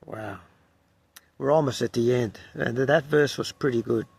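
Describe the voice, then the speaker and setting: A man's voice: mid-range voice, moderate pace, creaky, a little mellow, husky, dry recording. An Australian man giving an unrehearsed poetry reading with wry asides, sometimes stumbling over the words. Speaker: poetry reader.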